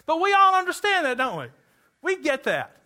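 Animated preacher from Kentucky, high bright voice. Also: male voice, moderate pace. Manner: animated, joking with the congregation. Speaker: pastor. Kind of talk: sermon. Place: church.

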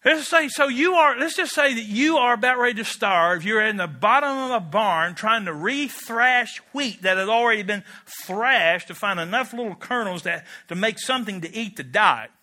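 A man's voice: sits high, expressive, moderate pace, hardly any pauses, sharp tone. A man preaching a sermon as pastor, emphatic and storytelling, with conversational asides.

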